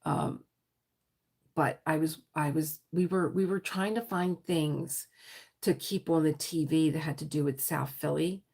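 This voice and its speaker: A woman with a South Philadelphia accent hosting a casual livestream chat, rambling with quick asides and laughter. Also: low-pitched, fairly even intonation, gravelly, a little mellow. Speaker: livestream host.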